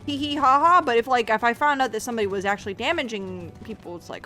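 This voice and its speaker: A woman's voice: a little high, fast talker, hardly any pauses, pushed and bright, faint music behind. A woman streaming a game, chatting casually to her viewers in a rambling, profane way, often restarting her sentences. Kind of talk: casual livestream chat while playing.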